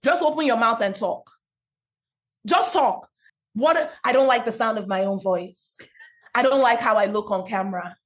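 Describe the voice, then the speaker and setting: Passionate high-voiced woman preaching fast. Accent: non-native English accent. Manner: passionate, preachy, quick storytelling. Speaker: podcast host, Christian business speaker. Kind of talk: faith-based podcast talk.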